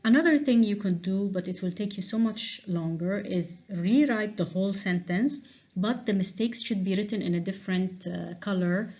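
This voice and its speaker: A woman teacher going through revision answers with a class, explaining slowly and checking in with frequent "okay?"s. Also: medium pitch, a little mellow. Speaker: English teacher. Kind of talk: revision lesson walkthrough. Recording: dull lo-fi recording.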